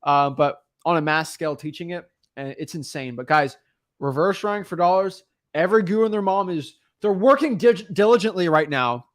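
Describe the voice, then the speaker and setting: A man hosting a podcast in casual chat, energetic and emphatic, rambling with frequent restarts. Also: high-pitched, brisk, dry recording, clean studio sound. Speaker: podcast host.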